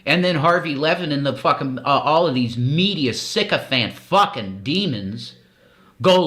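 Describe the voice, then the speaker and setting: A man's voice: medium pitch, animated, measured pace, pushed and bright. A man co-hosting a stream, ranting angrily with heavy profanity. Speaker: co-host of a streaming show. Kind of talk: ranting commentary.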